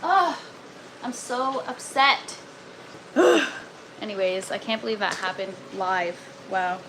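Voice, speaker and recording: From her indoor grow tent, a gardening livestreamer chats casually with viewers, groaning and exasperated. She speaks slowly at a medium pitch over noticeable steady background noise.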